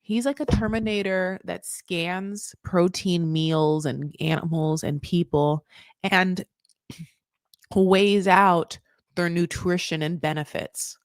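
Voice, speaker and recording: Woman, gossipy reality recap talk, animated swings in pitch and volume, dry close sound. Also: slow pace, no room sound. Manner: animated, gossipy, with sudden jumps in pitch and loudness; says "honey" and "like" often. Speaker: podcast host recapping a reality show. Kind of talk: casual commentary.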